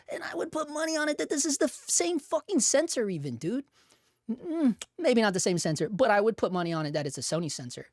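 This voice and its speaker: A man's voice: high voice, no room sound, studio quality. A young man hosting a casual livestream, swearing freely and ranting hard, often repeating himself and chuckling as he reads viewer comments. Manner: profane, fired-up ranting with lots of repeated words. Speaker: host.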